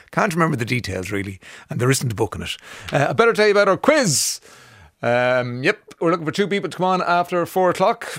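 An Irish man hosting a radio show in casual chat, enthusiastic and chatty, often pausing on "um" and restarting his sentences. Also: a little high, vocal fry. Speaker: radio host. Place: radio studio. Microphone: studio microphone.

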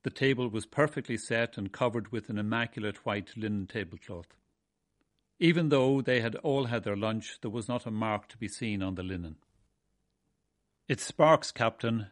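A man's voice: fairly low pitch, dry recording. Wry man telling his own story. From Ireland. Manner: measured, wry, descriptive. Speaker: narrator of his own memoir. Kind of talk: first-person storytelling.

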